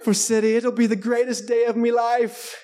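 A man's voice: extremely high pitch, level tone, normal speed, darkish tone, pitched above the performer's own voice. A man voicing a tipsy older male soccer fan who is weepy with joy, in a clumsy put-on British accent, gushing and overexcited. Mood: tearful, overjoyed.

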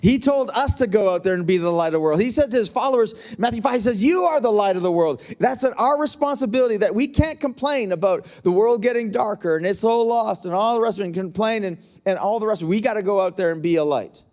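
High-voiced, fiery preaching man. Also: lively intonation, fast talker, few pauses, a little mellow. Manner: passionate, emphatic preaching with repetitions and asides to the congregation. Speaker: pastor. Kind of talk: sermon.

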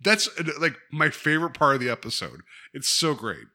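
A man in casual conversation about a TV episode, animated and quick to laugh. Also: mid-range voice. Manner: animated, laughs often, acts out quoted lines.

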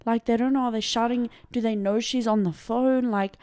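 A woman's voice: fairly high pitch, steady tone, normal speed, a little mellow, clear, resonant tone, no room sound, studio quality. A woman co-hosting a podcast, telling a true crime case in a loose, chatty way, full of "like" and casual swearing. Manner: loose and conversational, heavy use of "like" and swearing. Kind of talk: casual storytelling chat.

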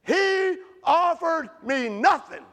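A man preaching a sermon with passion, swinging between loud outbursts and hushed storytelling. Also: very high-pitched, animated, slow pace.

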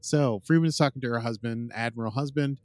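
A playful man talks through an episode recap in a relaxed, joking way. His voice sits in an ordinary middle register. It is recorded close and dry, with no room sound. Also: medium pitch, a little fast, dry recording. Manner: playful, jokey, drifts into silly voices and sung bits. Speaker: podcast host recapping an episode. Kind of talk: casual chat.

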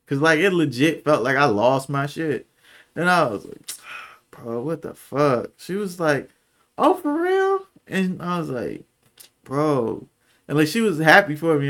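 A young man speaks casually and candidly, full of slang and filler. His voice sits at an ordinary middle pitch and drops quiet and soft when the memories get heavy. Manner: candid, slangy, lots of "like" and "bro"; emotional, voice drops low and soft when recalling. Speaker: podcast co-host. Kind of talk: casual storytelling.

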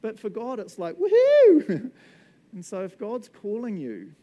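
Casual NZ preacher, male, animated and jokey, warm mellow tone. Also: high-pitched, moderate pace, slight background noise. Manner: animated, laughing, acts out voices. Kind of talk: casual sermon.

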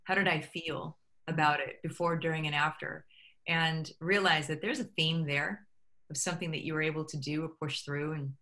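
Bright-voiced woman interview guest. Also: sits low, moderate pace. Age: middle-aged. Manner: animated storyteller acting out quoted dialogue. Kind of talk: conversational interview.

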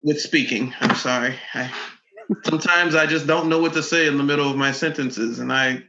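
A man in an improvised comedy sketch, talking in a hesitant, halting way. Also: medium pitch, steady tone, sharp tone, echoey room, dull audio. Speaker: comedy podcast regular.

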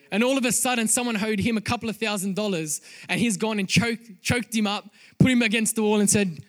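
Pastor, male, higher voice, earnest sermon delivery that swells to loud emphatic peaks. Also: brisk, few pauses, dry recording.

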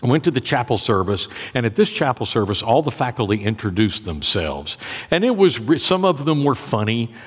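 A man's voice: mid-range voice, very animated, a little fast, slightly rough. A man preaching as pastor, telling a personal story in a conversational way, often repeating and restarting words. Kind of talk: sermon storytelling. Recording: long reverb of a church.

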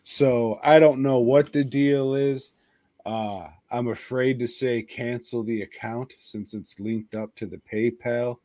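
A man's voice: medium pitch, steady tone, slow, warm tone, dry recording. A man hosting a casual podcast, wry and cursing freely, telling stories and mimicking people he spoke to on the phone. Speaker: podcast host.

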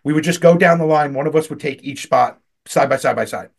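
A man's voice: fairly high pitch, fairly quick, vocal fry, breathy edge. A man co-hosting a podcast, telling rambling, profane work stories in casual chat and laughing often. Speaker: podcast co-host.

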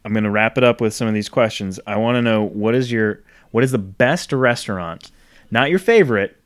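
A man's voice: on the low side, fairly quick. A man hosting a podcast, chatting and telling jokey stories. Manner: joking, animated storyteller. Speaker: podcast host. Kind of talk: casual chat.

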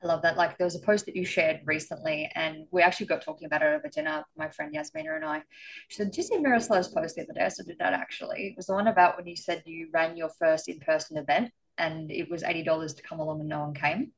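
A woman's voice: fairly low pitch, expressive, quick pace, gravelly, low-quality recording. A woman hosting a podcast interview, speaking in an effusive, spiritual way. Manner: warm, effusive, spiritual phrasing. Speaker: podcast host. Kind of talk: interview conversation.

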